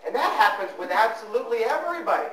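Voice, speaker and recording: A man with a high voice gives a financial seminar, joking with the audience and hammering home his points. He is heard from a distance in an echoing hall. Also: big pitch swings, very fast, a crowd in the background. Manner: joking, teasing, emphatic. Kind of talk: live seminar talk with audience banter.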